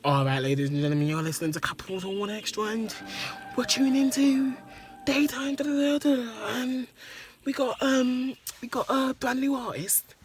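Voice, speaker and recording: A man putting on a hyped male radio DJ voice, rushing through brash announcer patter. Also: very high voice, fairly even intonation, slight background noise, pitched above the performer's own voice.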